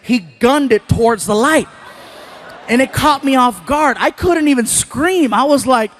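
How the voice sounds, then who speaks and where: A man doing a stand-up comedy routine on stage, telling stories in an animated way with loud bursts. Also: very high voice, measured pace, a little hiss or hum. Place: stage before a live audience.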